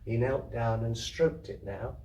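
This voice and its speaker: Male reader, measured live storytelling, recorded far off in an echoey room with faint background noise. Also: mid-range voice, darkish tone. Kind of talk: live reading of a literary story. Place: community hall at a festival. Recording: roomy, distant hall recording.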